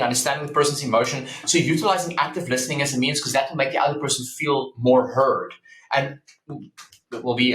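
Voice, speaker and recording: A man talking as a psychology professor guest in a casual podcast interview, explaining earnestly with lively anecdotes and many ums. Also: medium pitch. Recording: roomy echo.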